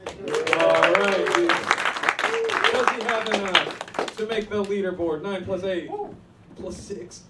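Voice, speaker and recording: A man hosts and judges a comedy show, loose and slangy in his banter. His high voice echoes in a club from a distance. A loud crowd fills the room behind him. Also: slow pace, pauses often, very noisy. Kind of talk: casual banter. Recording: roomy club sound from a distance. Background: loud audience.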